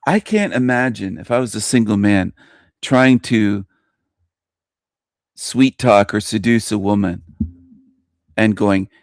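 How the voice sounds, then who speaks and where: A man's voice: fairly low pitch, expressive, slow pace, long pauses, dry recording. Emphatic male radio host, dry sound. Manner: emphatic, repeats himself, chuckles between lines. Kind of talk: opinionated monologue.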